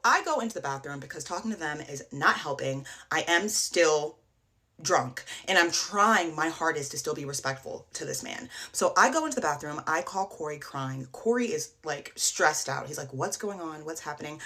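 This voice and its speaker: Casual woman storyteller, rambling and animated, retelling a bad date. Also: low-pitched, moderate pace.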